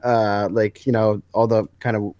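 A man's voice: fairly low pitch, flat delivery, normal speed, darkish tone, dry recording, studio quality. A young man co-hosting a comics podcast in casual, rambling chat, full of fillers. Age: young adult. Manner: rambling, many fillers, acts out quotes. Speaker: podcast co-host.

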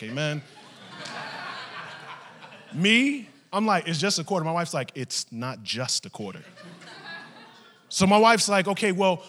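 Animated preacher in a reverberant church. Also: male voice, medium pitch. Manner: animated, acts out family members' voices. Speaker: pastor. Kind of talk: storytelling sermon.

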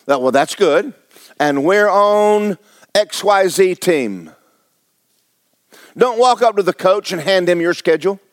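A man's voice: high voice, animated, slow, long pauses, no room sound. A man preaching a blunt, exhorting sermon, firing rhetorical questions at his congregation. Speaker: pastor.

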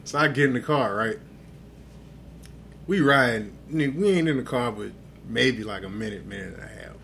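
Bright-voiced man telling a profane story. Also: mid-range voice, moderate pace, vocal fry, a little hiss or hum. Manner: profane, animated storyteller, acts out dialogue. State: tipsy. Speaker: podcast co-host. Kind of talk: casual drunk storytelling chat.

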